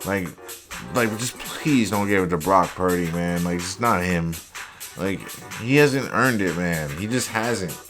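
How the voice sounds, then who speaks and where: A young man hosting a casual football highlights reaction, exasperated and profane, saying "like" constantly. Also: measured pace, music in the background. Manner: exasperated, profane, heavy use of "like". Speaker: host.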